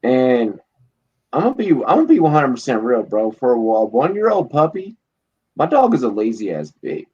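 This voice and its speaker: A man hosting a casual late-night live stream, drinking and telling rambling, profane, animated stories. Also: mid-range voice, normal speed, husky. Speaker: podcast host. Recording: dull lo-fi stream audio.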